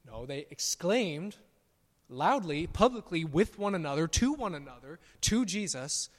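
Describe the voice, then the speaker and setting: A man's voice: fairly high pitch, animated, normal speed. Man preaching in a reverberant church. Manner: emphatic preaching, rising for declarations and dropping for quiet asides. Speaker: pastor. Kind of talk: sermon. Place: church sanctuary.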